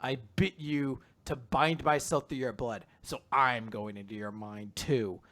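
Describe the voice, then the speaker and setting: A man's voice: medium pitch, fairly even intonation, unhurried, a bit bright, natural voice. A man doing a sassy smug female vampire.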